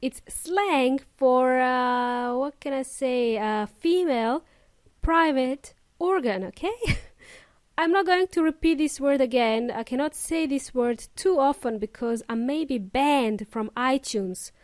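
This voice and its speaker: A woman with a high, bright voice hosts a podcast lesson for English learners. She speaks slowly and deliberately, stressing each sound, and the recording is dry and close. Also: lively intonation, no echo. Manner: slow, careful, emphatic teaching delivery. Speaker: English teacher and podcast host.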